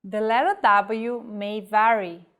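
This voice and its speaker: A woman teaching a scripted pronunciation lesson, reading example words slowly and carefully. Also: medium pitch, fairly even intonation, a bit bright. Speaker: language teacher.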